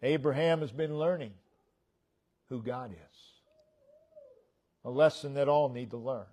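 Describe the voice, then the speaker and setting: The pastor, a man, preaches in the church sanctuary with slow deliberation. For emphasis his voice goes up; at the close of phrases it drops down low and soft.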